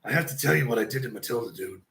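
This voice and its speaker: A crude veteran wrestler, as a man puts him on, spins a road story in a low, gravelly drawl. The voice still carries a bright edge. It sounds as if it was recorded in a roomy, echoey space. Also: animated. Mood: mischievous. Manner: slow, profane storytelling. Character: gruff profane veteran wrestler telling road stories.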